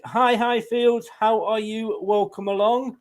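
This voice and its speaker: A man's voice: high voice, level tone, a little slow. A man hosting a casual online football quiz, chatty and laughing often as he talks. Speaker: quiz host.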